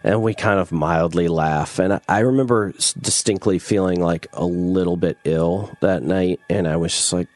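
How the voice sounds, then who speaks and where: In a dry recording, a man with a low, somewhat dark voice tells a long personal story as an interview guest. He talks at a normal speed with few pauses, rambling casually, swearing freely, laughing often and packing his speech with "like".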